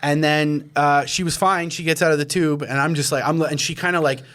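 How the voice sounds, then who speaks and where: A man's voice: on the high side, steady tone, a little fast, fairly bright tone. A man hosting a podcast, telling a long story in casual chat, rambling with lots of fillers and acting out his own quoted reactions. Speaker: podcast host.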